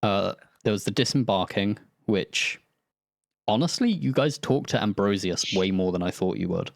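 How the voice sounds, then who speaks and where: A man's voice: lowish voice, animated, normal speed, creaky, dry recording, clean studio sound. A man running a tabletop game, chatting loosely after the session, swearing and laughing as he goes. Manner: loose and rambling, swears, laughs mid-sentence. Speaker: game master. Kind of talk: casual post-session chat.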